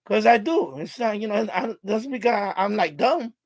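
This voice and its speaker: A man's voice: high-pitched, lively intonation, normal speed, no room sound. A middle-aged man hosting a live stream, telling stories in a rambling, casual way, laughing often and repeating himself. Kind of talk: casual storytelling monologue.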